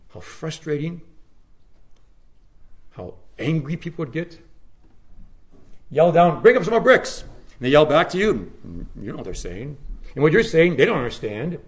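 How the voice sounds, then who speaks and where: A man preaching a sermon, with dramatic emphasis that drops to low, hushed phrases. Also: creaky.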